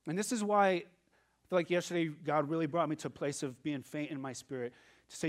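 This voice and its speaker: A male pastor preaching a sermon, moving from quiet asides to loud emphatic passages and acting out quoted voices. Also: fairly high pitch, fairly even intonation, brisk.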